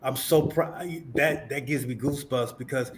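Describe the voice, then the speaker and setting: A man chiming in casually at an open mic, animated and interjecting. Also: medium pitch, moderate pace, background noise. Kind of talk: casual reaction.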